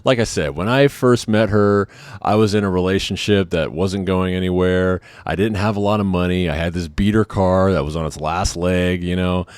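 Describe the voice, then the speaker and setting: Deep-voiced, laid-back male storyteller. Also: darkish tone, smooth, no room sound. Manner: laid-back, rambling, peppered with "man" and "I mean". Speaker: vlogger. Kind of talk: casual storytelling.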